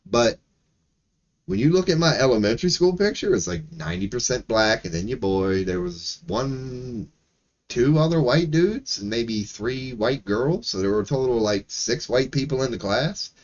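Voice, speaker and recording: In a mid-range voice at normal speed, a man from Maryland rants casually during a livestream. He curses heavily, is animated, and adds laughing asides, though the audio sounds dull.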